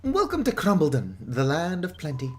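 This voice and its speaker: Man voicing a gloomy British landlady, raised pitch, loud, theatrical reading, faint background hum. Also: huge pitch swings, normal speed. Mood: grumbling. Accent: British (put on). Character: chatty older woman pub landlady, gloomy.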